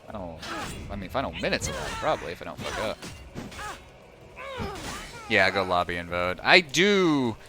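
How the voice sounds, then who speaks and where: With a low-pitched voice, lively intonation, a moderate pace and long pauses, a man provides casual commentary on a video game he's live-streaming. He swears at the game, makes sarcastic remarks, and rambles to his chat amid the game's music and sound effects.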